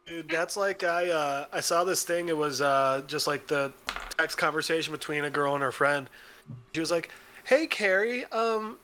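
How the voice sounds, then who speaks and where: A man's voice: fairly high pitch, fairly even intonation, moderate pace, sharp tone. A man cohosting a podcast, throwing in wisecracks during casual chat. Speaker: podcast co-host.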